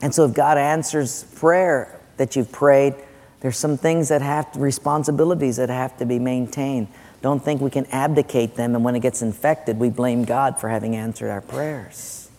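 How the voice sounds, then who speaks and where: A man's voice: mid-range voice, steady tone, normal speed, a little mellow. A man preaching a sermon as pastor, conversational and joking, putting questions to the congregation. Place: large church sanctuary. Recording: long church hall reverb.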